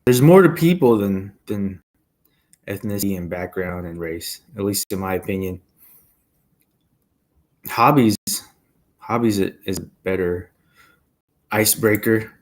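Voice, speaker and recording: A man chatting on a podcast, sharing his view in a thoughtful, measured way. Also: on the low side, expressive. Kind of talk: casual chat.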